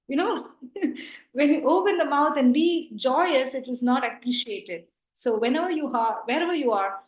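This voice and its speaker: A woman teaching a live online breathing class, counting breaths and coaching participants, then talking calmly about breath and emotion. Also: on the high side, echoey room, low-quality recording. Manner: counting aloud and coaxing participants with bursts of energetic breath sounds; calm, reflective talk about breath and emotion. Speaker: yoga and breathing instructor.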